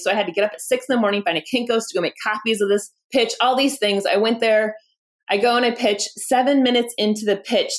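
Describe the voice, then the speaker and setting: Woman founder, 30s, candid and lively in interview, slips into quoted voices. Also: medium pitch. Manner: animated, acts out quoted dialogue, laughs often. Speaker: founder and guest.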